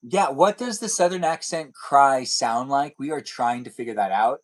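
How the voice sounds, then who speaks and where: A man hosting a livestream in casual, playful chat, rambling and sometimes drawing words out slowly. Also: medium pitch. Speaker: livestream host.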